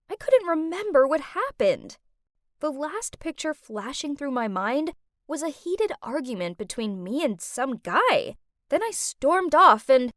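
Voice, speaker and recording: A young woman narrating a dramatic first-person story in an expressive way. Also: high voice, no room sound, clean studio sound.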